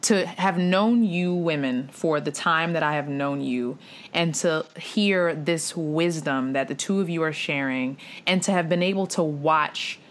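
A woman hosting a podcast, praising her guests effusively with halting restarts. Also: low voice. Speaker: podcast host. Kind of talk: casual podcast conversation.

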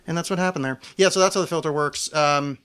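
A man's voice: fairly high pitch, fast talker, noisy background. A man hosting a casual podcast chat, rambling and joking with restarts. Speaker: podcast host. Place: small podcast studio.

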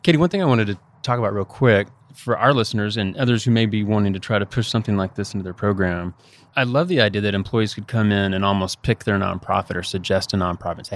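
A man's voice: on the low side, fast talker. A man co-hosting an interview, asking the guest questions in a friendly, conversational way. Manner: friendly, conversational, a few stumbles. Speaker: podcast co-host.

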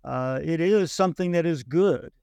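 A man's voice: a little high, normal speed, vocal fry, a little mellow, clean tone, dry recording, studio quality. A man speaking earnestly in a Bible discussion, with a preacherly way of repeating himself.

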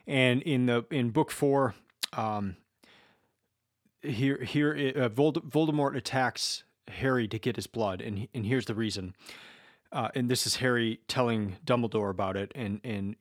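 A man's voice: mid-range voice, unhurried, dry recording, clean studio sound. A man giving a casual, reflective talk, stumbling through many repeated starts as he thinks aloud. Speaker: speaker discussing a book series.

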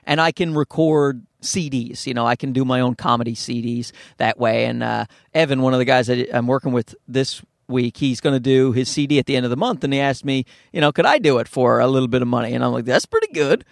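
A man's voice: mid-range voice, fairly even intonation, fairly quick, vocal fry, few pauses, no room sound, clean studio sound. A man, a stand-up comedian, talking through a casual solo podcast monologue, rambling and running himself down, now and then slipping into mock voices. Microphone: studio mic through a field recorder.

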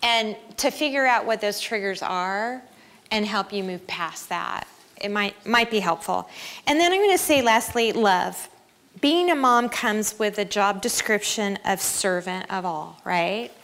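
A woman's voice: medium pitch, expressive, unhurried, a bit bright. A middle-aged woman giving an inspirational talk to mothers at a family camp, candid and self-deprecating, laughing easily at herself.

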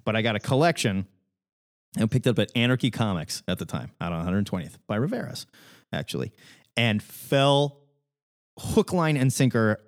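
Laughing, animated male podcast host. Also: on the low side, normal speed. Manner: animated storyteller, laughs a lot. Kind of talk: casual chat.

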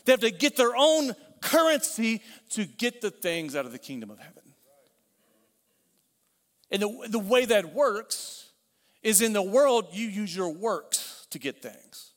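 Middle-aged male pastor, high voice, chatty preaching with repetition, church hall with long reverb. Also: very animated, unhurried. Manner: conversational preaching with repeated phrases and asides. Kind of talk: sermon.

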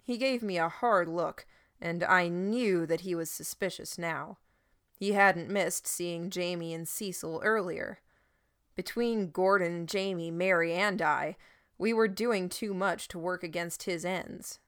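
A woman reading a first-person story aloud in a steady, even narrating manner. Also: fairly low pitch, measured pace, smooth, no room sound, studio quality. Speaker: audiobook narrator.

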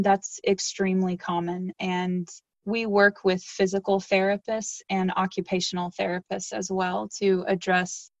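A woman audiologist answering interview questions, explaining hearing care in a calm, informative way. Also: mid-range voice, dry recording, lo-fi sound.

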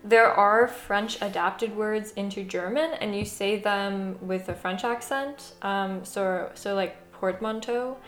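American woman vlogging, laughs a lot, mid-pitch voice, echoey room. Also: steady tone. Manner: chatty, laughs often, reads French aloud slowly. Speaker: podcast host. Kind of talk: casual language-learning vlog.

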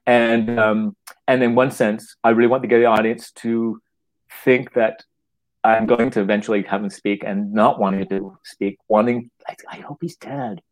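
A playwright talks casually in an interview, halting and restarting his sentences and acting out little quotes. His voice is fairly low and flatly delivered, and the audio quality is poor.

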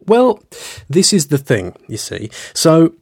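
A man's voice: on the high side, huge pitch swings, takes it slowly, a little mellow, husky. A man co-hosting a comic podcast, mocking politics with silly exaggerations. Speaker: podcast co-host.

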